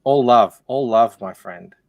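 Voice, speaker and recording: A man's voice: medium pitch, measured pace, vocal fry, dull audio. A man, chatting on a casual livestream, jokey and heavy on slang.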